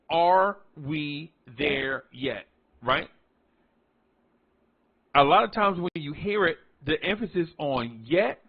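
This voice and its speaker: A sports fan vlogger from the New York tri-state area offers relaxed commentary about his basketball team, repeating himself and stretching out key words. His voice is fairly high yet gravelly and husky, and the audio sounds dull.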